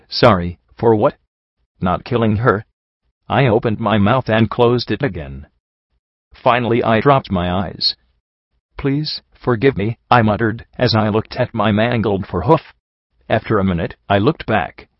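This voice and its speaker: A man narrating a first-person story in an earnest, steady reading, in a dull, slightly muffled recording. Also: lowish voice, no echo. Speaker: audiobook narrator. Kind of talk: first-person fan fiction audiobook reading.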